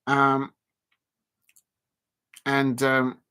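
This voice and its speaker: A man hosting a casual live stream, calling a snooker match in a chatty, rambling, self-deprecating way with lots of filler pauses. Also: medium pitch, completely flat delivery, bright, forceful tone, clean tone. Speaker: YouTube live-stream host.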